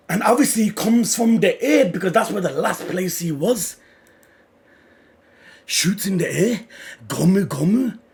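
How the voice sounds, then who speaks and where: Male manga reactor, unhurried delivery, alternates hype yelling with murmured play-by-play. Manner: swings between loud excited shouting and low muttered reading-along. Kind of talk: live reaction commentary.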